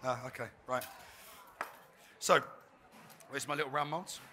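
Bright chatty chef at a demo. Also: male voice, medium pitch, measured pace, a little hiss or hum. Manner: chatty, joking, self-deprecating. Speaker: chef giving a cooking demonstration. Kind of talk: live cooking demo talk. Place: trade fair demo stage.

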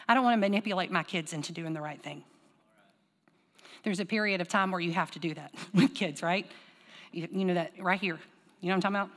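A woman pastor preaching a sermon, telling stories with lively call-and-response. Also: mid-range voice, big-room sound. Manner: animated storytelling with call-and-response. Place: church sanctuary.

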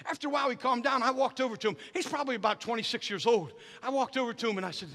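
A middle-aged man preaching as a guest in a church, telling stories with animated energy that builds to fervent shouting. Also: very high-pitched, rapid-fire, few pauses. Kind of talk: sermon. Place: church sanctuary. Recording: reverberant church hall.

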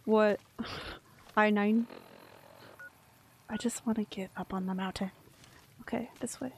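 Gravelly, chatty young woman streamer. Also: mid-range voice, steady tone, slow pace, darkish tone, slight background noise. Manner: chatty, rambling, swears casually, self-mocking. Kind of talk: casual gameplay commentary.

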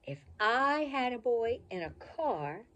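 A woman's voice: fairly high pitch, big pitch swings, slow, fairly bright tone, dull audio, voice pushed up, heavily acted. A woman voicing an eager little puppy. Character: small hopeful polite male puppy.

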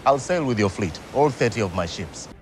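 An actor playing a flamboyant pirate with a French colonial-like accent and careless arrogance. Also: male voice, on the low side, expressive, normal speed, darkish tone, soft background music, close to an everyday voice, rough recording. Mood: boastful.

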